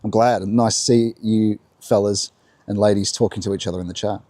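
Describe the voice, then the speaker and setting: A man's voice: fairly low pitch, fairly even intonation, a little fast, dark tone, dry recording. A man hosting a live-streamed talk while walking outdoors, musing and answering his own questions. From Australia. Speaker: host. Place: outdoors by the coast.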